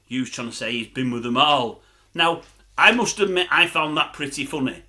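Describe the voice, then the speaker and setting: A man's voice: on the high side, lively intonation, moderate pace, pushed and bright. An older man, rambling to camera as a vlogger in a grumbling, chatty storytelling style.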